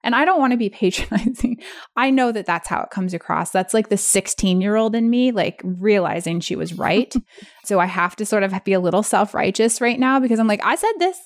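A woman's voice: medium pitch, brisk, no room sound, studio quality. A woman co-hosting a casual business chat, talking frankly and laughing often at herself. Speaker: business co-founder and podcast co-host. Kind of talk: casual conversation.

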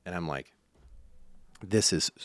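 A young country musician from Iowa, USA, tells stories in a casual interview, rambling with fillers and restarts. He has a deep voice and a slow pace. The recording is dry and studio quality.

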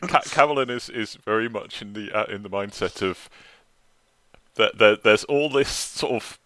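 A man, a player, halting and chuckling as he explains his character. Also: fairly low pitch, pushed and bright, no echo. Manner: halting, laughing.

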